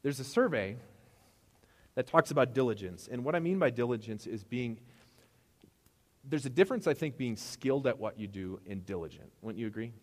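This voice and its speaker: A man's voice: medium pitch, lively intonation, normal speed. A man preaching a sermon as a pastor, telling stories in a casual way and acting out the dialogue. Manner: casual storytelling, acts out dialogue. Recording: long hall reverb.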